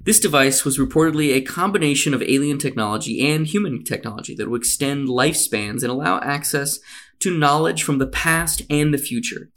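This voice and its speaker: A man hosting a comedy podcast, reading a story aloud with a wry, measured delivery. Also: medium pitch, a bit bright. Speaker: podcast host.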